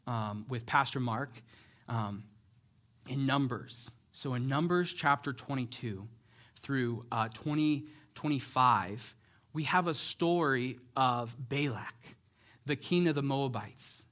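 A man preaching a sermon, retelling a Bible story in a lively, conversational way and acting out the characters' lines. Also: mid-range voice, takes it slowly. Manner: conversational, checks in with "right?".

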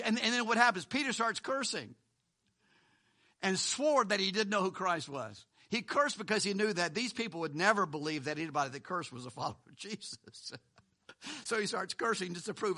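A man pastor preaching a sermon in a conversational way, swinging between loud emphasis and hushed lines, with asides and chuckles. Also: high voice, animated, normal speed.

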